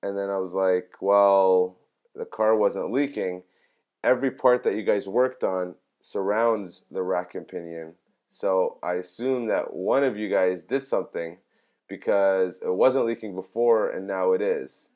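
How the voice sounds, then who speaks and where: A man's voice: sits low, a little slow, a little mellow. A young man in a casual vlog, recounting a dispute with a mechanic and acting out both sides of the conversation, audibly frustrated. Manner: frustrated, retells dialogue in quotes. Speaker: customer telling a complaint.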